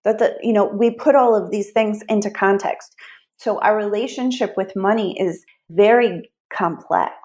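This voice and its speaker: A woman money mindset coach speaks as a podcast guest, explaining her ideas earnestly. Her pitch sits in a middle range, and she often pads her sentences with "like". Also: moderate pace, a little mellow. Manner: earnest explaining, many "like" fillers.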